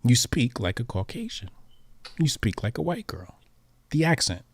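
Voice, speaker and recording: A man's voice: medium pitch, big pitch swings, normal speed, slightly rough, no room sound. A man hosting a casual talk show, speaking in an emphatic, provocative, slangy way. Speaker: host. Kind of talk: casual commentary chat.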